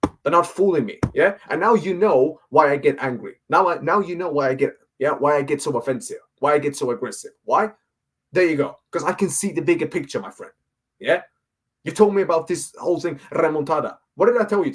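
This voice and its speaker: A man, ranting hard about football. His voice sits a bit high and sounds husky. He keeps repeating himself and throwing in "yeah?" again and again. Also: lively intonation, a little fast. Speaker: fan guest. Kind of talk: heated fan rant.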